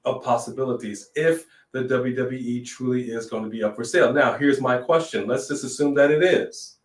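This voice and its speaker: A man co-hosting a casual wrestling chat, animated, riffing and joking. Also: medium pitch, moderate pace, far from the mic. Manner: animated, sings jokingly, reads in a newscaster voice. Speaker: podcast co-host. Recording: echoey room, off-mic.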